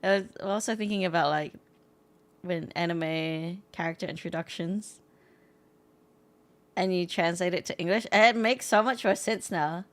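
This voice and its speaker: Chatty woman with a lowish voice. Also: unhurried. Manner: chatty, laughs often, interrupts with asides. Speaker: streamer reacting to a language lesson. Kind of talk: casual chat.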